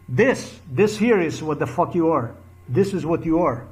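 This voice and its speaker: A man speaks in a fairly high voice, ranting to camera in a heated monologue. He circles back over the same phrases again and again, and his anger breaks out into crude bursts. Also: expressive, moderate pace, darkish tone. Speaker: vlogger.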